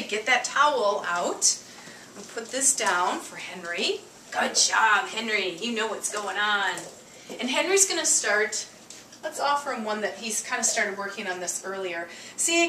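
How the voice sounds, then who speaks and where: A chatty woman dog trainer talks through a casual demonstration with a bright, forceful voice. She is a little high and sits well back from the mic. Her voice rings around an echoey kitchen with faint noise behind. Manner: chatty and upbeat, with frequent asides. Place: home kitchen. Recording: echoey room, distant mic.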